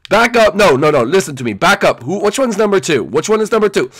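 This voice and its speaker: A man's voice: big pitch swings, fast talker, heavily acted. A man voicing a bossy bunny father and gang leader in a game role-play. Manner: low, gruff, commanding. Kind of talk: Minecraft role-play voice acting.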